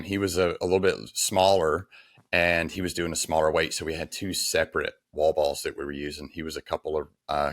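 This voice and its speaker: A man's voice: sits low, fairly bright tone, no echo, studio quality. A man in his forties, a podcast guest, telling a personal story in an earnest, frank, conversational way. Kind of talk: casual storytelling interview.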